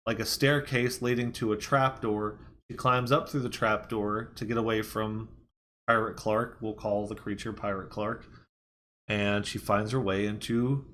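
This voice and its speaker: A man's voice: lowish voice, a bit bright, slight background noise. Rambling casual man recapping a movie. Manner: retells scenes loosely, quoting characters conversationally; rambling with frequent "like" and "you know". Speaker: movie reviewer.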